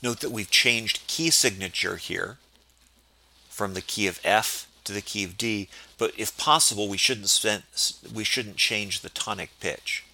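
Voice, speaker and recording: A man's voice: fairly low pitch, unhurried, pushed and bright, low-quality recording. A man giving a precise, explanatory tutorial on church chant, quoting liturgical texts as he walks through the service.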